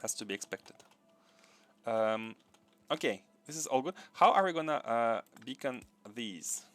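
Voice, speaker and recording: A man's voice: mid-range voice, animated, measured pace, fairly bright tone. A man hosting a live gameplay stream. He thinks aloud, repeats his phrases, chuckles often and chats with viewers. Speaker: gaming livestream host.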